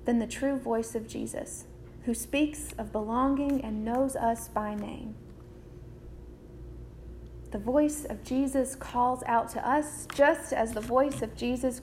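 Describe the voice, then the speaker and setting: A woman preacher delivering a sermon in a measured, deliberate way, repeating key phrases. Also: fairly high pitch, a little mellow, slight background noise.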